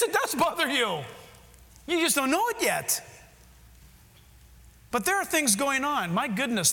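A man's voice: very high voice, bright, forceful tone, big-room sound. A male pastor preaching an emphatic sermon, putting direct questions to his congregation.

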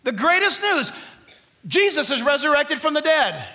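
A man preaching a sermon as pastor to his church, exuberant, loud and fervent, joking with the congregation between points. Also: very high-pitched, big pitch swings, moderate pace, long reverb tail. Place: church sanctuary.

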